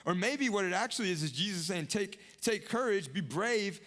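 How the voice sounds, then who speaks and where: A young adult man preaching a sermon earnestly, repeating phrases, rising to emphatic peaks and dropping to hushed lows. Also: expressive, normal speed. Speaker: pastor.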